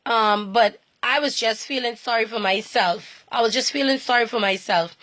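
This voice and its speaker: Woman, faith talk, earnest, repeats and restarts, somewhat high, crisp bright tone. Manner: earnest and repetitive, with halting restarts. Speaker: inspirational speaker.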